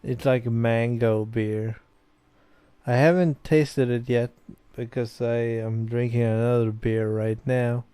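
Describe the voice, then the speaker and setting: In this let's play, a young man from Sweden hosts a gaming video, reading a visual novel aloud while a little tipsy from beer and rambling casually with plenty of fillers. He speaks slowly in a warm, clean, mid-range voice with fairly even intonation, and the recording is dry.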